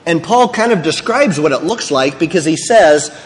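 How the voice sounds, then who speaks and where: A man's voice: fairly high pitch, animated, normal speed. Man preaching in an echoey hall. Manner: candid, conversational preaching with asides. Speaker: pastor. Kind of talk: sermon.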